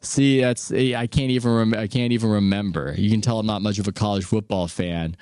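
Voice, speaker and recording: A man's voice: lowish voice, fairly even intonation, a little fast, a little mellow, smooth, dry recording, clean studio sound. A man hosting a podcast, talking candidly and wryly in casual conversation and laughing easily. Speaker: podcast host.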